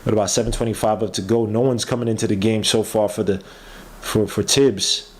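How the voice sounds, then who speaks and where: Excitable man calling a live game. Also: lowish voice, brisk, a little hiss or hum. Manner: excitable, yells at plays, trails off mid-word. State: tired. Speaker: podcast host doing a game watch-along. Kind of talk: casual live play-by-play commentary.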